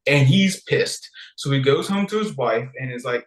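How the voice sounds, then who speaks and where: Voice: mid-range voice, animated, moderate pace, hardly any pauses, echoey room, poor audio. A podcast co-host retelling a text in a playful, chatty way and laughing often. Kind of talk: casual chat, retelling a text.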